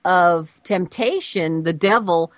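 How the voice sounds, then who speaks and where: A woman's voice: on the low side, takes it slowly, no echo. A female guest on a radio interview, a Christian journalist explaining her views in an earnest, explanatory way. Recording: dry, dull lo-fi audio.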